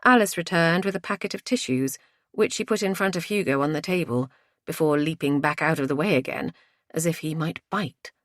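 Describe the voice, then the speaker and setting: A woman narrating a domestic thriller audiobook in a measured, even way. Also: on the low side, no echo, clean studio sound. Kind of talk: scripted narration.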